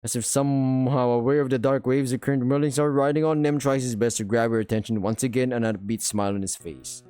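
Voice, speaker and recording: A man's voice: medium pitch, steady tone, fast talker, dark tone, smooth, no echo. A man reading a visual novel aloud for his channel, mixing the narration with dry, joking asides.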